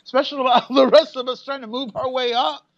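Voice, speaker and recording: Animated American actress telling set stories. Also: female voice, high voice, a little fast, dry recording, muffled recording. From United States. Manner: animated storyteller, acts out quotes and laughs often. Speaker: guest actor. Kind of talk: casual interview chat.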